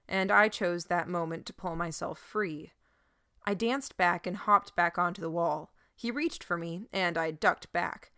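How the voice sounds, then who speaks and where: A woman reading a first-person story aloud in a steady, even narrating manner. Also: fairly low pitch, no echo, clean studio sound. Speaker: audiobook narrator.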